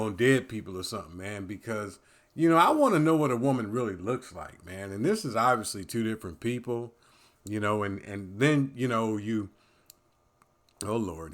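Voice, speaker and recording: A man giving casual reaction commentary, rambling, repeating "man" and restarting phrases, swinging from loud animated bursts down to low muttering. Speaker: commentary vlogger.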